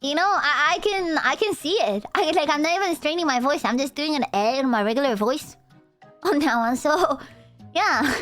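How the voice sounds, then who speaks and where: High-voiced rambling young woman streamer. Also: lively intonation, normal speed, fairly bright tone, soft background music. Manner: rambling, giggly, talks to chat. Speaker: live streamer. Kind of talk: casual live-stream chat.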